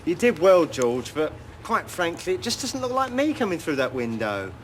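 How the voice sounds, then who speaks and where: A man's voice: fairly high pitch, big pitch swings, moderate pace, slight background noise. A man presenting a comic documentary with a dry, bumbling manner. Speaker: comedy presenter.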